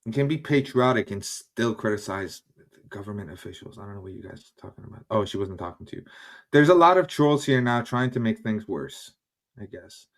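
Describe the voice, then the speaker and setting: A man's voice: lowish voice, animated, fairly quick. A man hosting a casual livestream from his home kitchen, answering chat in a heated, frustrated way and swearing often. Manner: heated, swearing, switches between English and German. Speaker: livestream host.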